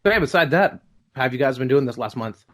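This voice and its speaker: Young man, podcast host, casual chat, jokey, self-correcting, mid-pitched voice. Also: animated, quick pace, a bit bright.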